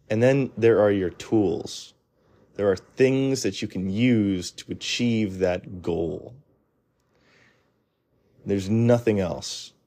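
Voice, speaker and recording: A man's voice: lowish voice, gravelly, dark tone. A man giving a blunt, rambling monologue of advice, full of restarts and fillers. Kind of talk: casual opinionated monologue.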